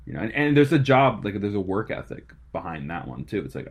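A man with a very low, husky voice talks through a film in a relaxed back-and-forth. He rambles, restarts his thoughts and drops slang as he goes. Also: fairly quick, few pauses. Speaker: podcast co-host. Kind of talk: casual film discussion.

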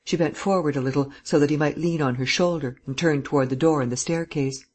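An audiobook narrator giving a steady, measured reading of a classic novel. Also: medium pitch, husky. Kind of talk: scripted narration.

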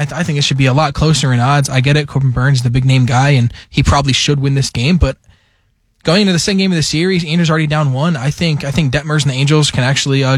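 A man's voice: on the high side, no room sound, studio quality. A man on a sports radio show, talking casually and running through stats for his betting picks. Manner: chatty, runs through stats. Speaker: co-host giving betting picks. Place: radio studio.

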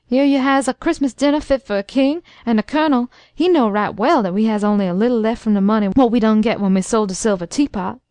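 A woman's voice: fairly high pitch, quick pace, hardly any pauses, darkish tone, smooth, no echo, close to an everyday voice. A woman reading an audiobook, voicing an eager, flustered elderly male house servant who talks fluently in folksy dialect. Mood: dismayed. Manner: fluent, rattles off lists, folksy dialect speech.

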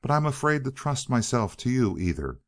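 A man's voice: medium pitch, very animated, moderate pace, no echo, clean studio sound, pitched above the performer's own voice. A man voicing a sly, cunning male fox in a storybook reading, in a wheedling, falsely polite way.

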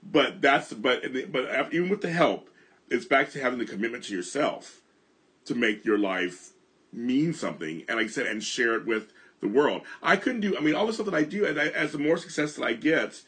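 Brief: middle-aged male host from Los Angeles, lively swinging delivery, candid and reflective. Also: medium pitch, moderate pace. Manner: earnest and reflective, repeats and restarts phrases. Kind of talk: candid conversational storytelling.

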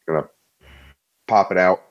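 Man, player, very deep voice, slightly dull recording, casual plotting. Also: unhurried. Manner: plotting, conversational, swears casually. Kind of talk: tabletop game play.

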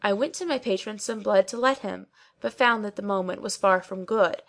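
A woman narrating an old tale in a measured, storytelling delivery. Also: mid-range voice, a bit bright. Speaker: audiobook reader. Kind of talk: scripted narration.

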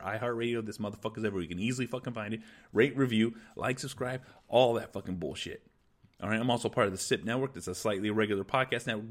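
A man's voice: lowish voice, fairly bright tone. A man hosting a podcast, delivering a profane, aggressive motivational rant full of repeated exhortations. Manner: aggressive, swearing constantly, repetitive exhortations. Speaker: podcast host.

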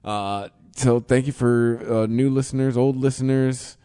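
A man's voice: mid-range voice, fairly even intonation, measured pace, warm tone, smooth, in a large hall. A man in his forties co-hosting a podcast, laid-back and wry as he signs off the show. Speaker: podcast co-host. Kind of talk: casual chat.

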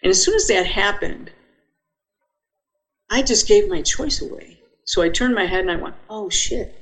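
A woman's voice: mid-range voice, animated, normal speed, fairly bright tone, rough recording. An older woman, a podcast guest, telling a personal story vividly and acting out her own thoughts as she goes.

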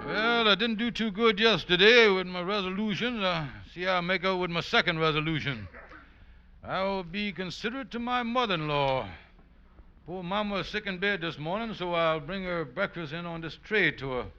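An actor playing a scheming, boastful husband in a 1950s radio sitcom, with a blustery, wheedling comic delivery on an old, dull radio recording. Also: male voice, high-pitched, moderate pace, pushed and bright, a little hiss or hum. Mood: fawning. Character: scheming boastful husband, middle-aged man.

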